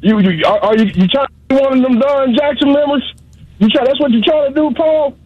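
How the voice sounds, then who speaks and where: A man's voice: very high-pitched, brisk. A man calling in to a radio show, teasing and rambling in slang. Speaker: caller. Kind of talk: call-in radio banter. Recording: dull, dry phone-line sound.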